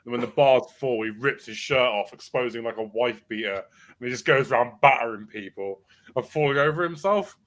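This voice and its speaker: A man's voice: mid-range voice, fairly quick, fairly bright tone. Swearing, cackling man on a podcast. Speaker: podcast co-host. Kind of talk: casual banter.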